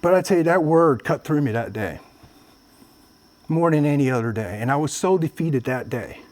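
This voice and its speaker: Man, public speech, earnest personal storytelling, slightly high voice, from Vietnam. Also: lively intonation, normal speed, a little mellow. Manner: earnest storytelling, addresses audience as guys and man. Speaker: motivational speaker.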